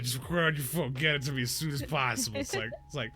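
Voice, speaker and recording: Young male host, casual storyteller, middle pitch, loose and chatty, light music bed. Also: quick pace, hardly any pauses. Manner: rambling, animated, many restarts and acted quotes. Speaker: podcast host.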